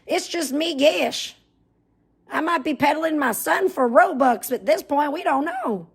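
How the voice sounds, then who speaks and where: A woman's voice: sits high, a little fast. A woman on a livestream putting on a crude, boastful backwoods hillbilly mother, talking in a mocking, self-boasting way.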